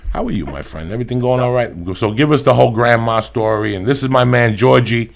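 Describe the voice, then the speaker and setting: A man's voice: medium pitch, fast, vocal fry. A man hosting a podcast, chatting in a loose, friendly way and swearing freely. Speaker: podcast host. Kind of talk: casual podcast chat.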